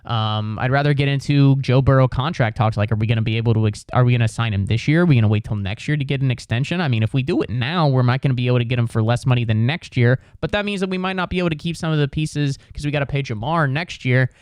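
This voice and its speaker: A man's voice: medium pitch, fast, hardly any pauses, a little mellow, clean tone, no echo. A young adult man hosting a solo comedy podcast, rambling and swearing with a self-mocking tone.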